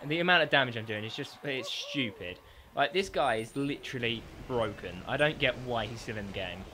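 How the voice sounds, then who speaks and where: A man giving excitable, sweary commentary on his own gameplay, trash-talking as he plays. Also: medium pitch, brisk, noisy background. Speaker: gaming YouTuber.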